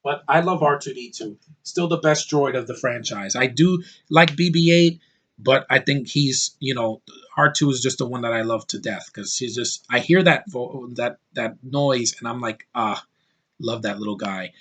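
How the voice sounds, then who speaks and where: An American man in a middle-pitched voice, talking in a loose, emphatic vlog rant. He talks in blunt opinions and keeps tripping over and restarting his sentences. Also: a bit bright, breathy edge. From United States. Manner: opinionated, emphatic, quick to dismiss things; frequent restarts and stammering. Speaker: vlogger.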